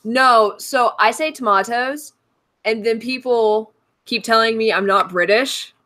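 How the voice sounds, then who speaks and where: A woman's voice: on the high side, unhurried, pushed and bright. A woman from Georgia, a guest in a casual chat, talking bluntly and playfully and laughing at herself. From Georgia, USA.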